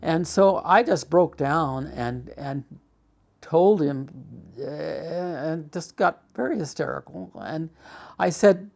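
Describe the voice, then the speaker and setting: Older guy with a gravelly voice telling his life story, halting and emotional, loud when he acts out old fights. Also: a little high.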